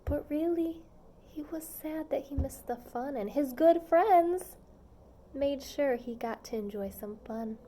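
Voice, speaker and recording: A woman reading a children's picture book aloud, gentle and expressive, pausing to chat with young listeners. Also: sits high, slight background noise. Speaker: storybook reader.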